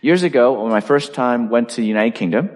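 A man preaching a sermon in a conversational style, full of asides and lively storytelling. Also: mid-range voice, fairly quick, in a large hall. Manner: animated, conversational, lots of asides. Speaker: pastor.

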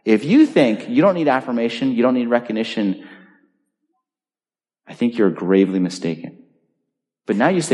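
A man's voice: mid-range voice, sing-song, moderate pace, long pauses, darkish tone. A middle-aged man preaching a sermon as pastor, emphatic and full of rhetorical questions. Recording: reverberant hall.

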